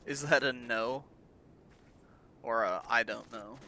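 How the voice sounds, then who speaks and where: Young guy streaming a game, chatty, bright voice. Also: medium pitch, takes it slowly, slight background noise. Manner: chatty, musing aloud between read dialogue. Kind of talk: casual game-stream commentary.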